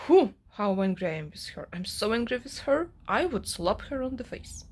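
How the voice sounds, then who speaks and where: A young woman who vlogs about books speaks slowly in an expressive, slightly rough voice on the high side. She rants passionately about a novel she's reading, filling her casual monologue with fillers.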